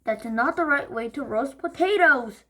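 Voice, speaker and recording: A woman voicing a bossy, fussy old grandmother in a storybook reading, nagging slowly and primly. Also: high-pitched, animated, bright, forceful tone.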